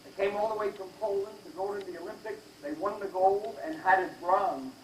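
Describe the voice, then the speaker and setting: High-voiced older comedian in a big hall. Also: male voice, fairly quick, noisy background. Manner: brash, teasing the audience. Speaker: stand-up comedian. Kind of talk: stand-up joke telling. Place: large live venue. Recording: echoey live hall from far off.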